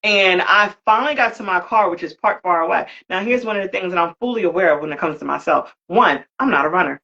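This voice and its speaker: Animated storytelling woman, dull audio. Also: on the low side, fast, vocal fry. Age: older. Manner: lively, swears, acts out quoted voices. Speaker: guest, creator of a brand for Black women.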